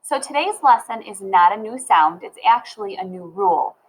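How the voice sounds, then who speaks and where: A woman gives a phonics lesson to young children at a middle pitch. She sounds out each word part slowly and clearly. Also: expressive, rough recording. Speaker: teacher.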